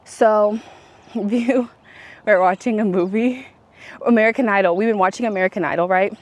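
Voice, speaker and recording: A young woman talks straight to her viewers in a loose, rambling vlog chat. She strings her thoughts together with plenty of likes and restarts. Her pitch sits right in the middle for a woman. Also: normal speed, dry recording. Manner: chatty and rambling, full of likes and self-corrections. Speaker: vlogger. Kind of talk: casual chat to camera.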